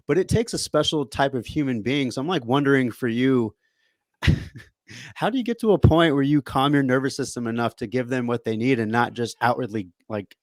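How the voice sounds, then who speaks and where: Animated man hosting a podcast. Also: medium pitch, moderate pace, dry recording, studio quality. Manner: animated storyteller, laughs often. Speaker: podcast host. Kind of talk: casual podcast conversation.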